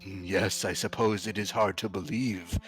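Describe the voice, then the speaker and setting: Cat emperor villain, male, pompous and slow-drawling, deep, put on by a man running the game. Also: steady tone, soft background music, lightly acted. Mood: sheepish. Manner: slow, drawn-out theatrical delivery.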